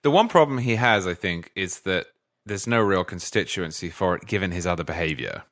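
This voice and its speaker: A man co-hosting a political podcast, speaking in a crisp, wry, direct way. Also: low voice, expressive, brisk, fairly bright tone, no echo, studio quality. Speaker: podcast co-host. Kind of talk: casual political discussion.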